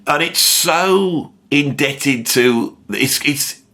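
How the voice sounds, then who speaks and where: A man's voice: a little high, expressive, very slow, pushed and bright. A middle-aged man gives casual, opinionated commentary in a rambling way full of asides. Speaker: music commentator. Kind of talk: casual ranked-list commentary.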